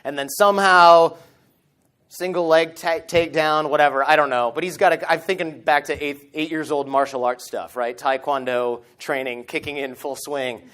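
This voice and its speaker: Male conference speaker, 30s, slightly high-pitched, lively storyteller who acts out his quotes. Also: normal speed, clean tone. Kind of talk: storytelling keynote talk. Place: conference stage. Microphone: stage microphone.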